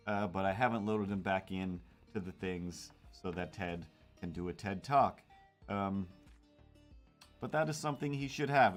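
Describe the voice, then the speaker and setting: A man hosting a casual drawing livestream, rambling and self-mocking as he chats with viewers. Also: lowish voice. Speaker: cartoonist streamer.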